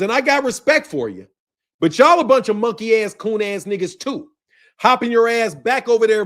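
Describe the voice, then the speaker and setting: A man rants on his commentary channel, loud and profane, laughing often between lines. His voice sits high for a man. His pitch swings wide and lively. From United States. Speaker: boxing commentary channel host. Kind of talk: ranting commentary.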